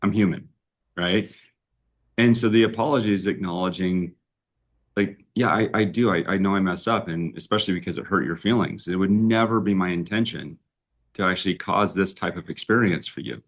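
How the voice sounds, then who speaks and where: A man's voice: sits low, fairly quick. A man hosting a relationship talk, telling stories casually and often checking in with "right?". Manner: storytelling, often tags lines with "right?". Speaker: relationship coach and host. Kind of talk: casual conversation. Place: live-streamed talk.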